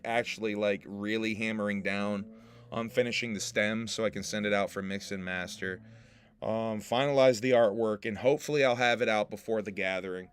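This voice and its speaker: A man's voice: lowish voice, fairly bright tone, clean tone, no room sound. A man hosting a casual livestream podcast, joking with his chat, laughing often and swearing freely. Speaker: podcast host and rapper.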